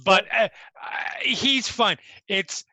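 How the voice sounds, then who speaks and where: Guy player, high sharp voice, super bright, dry sound. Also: no room sound. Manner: quick, opinionated banter. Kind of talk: casual chat.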